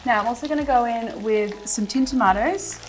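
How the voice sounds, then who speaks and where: A woman's voice: a little high, normal speed. A woman hosting a cooking show, chatting casually through a recipe as she cooks in a kitchen. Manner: chatty, relaxed, with fillers. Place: home kitchen.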